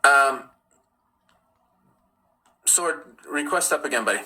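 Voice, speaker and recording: A man's voice: mid-range voice, animated, takes it slowly, pushed and bright, rough recording. A young man hosting a live stream, chatting casually and telling personal stories with candid asides. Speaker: livestream host. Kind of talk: casual live chat and storytelling.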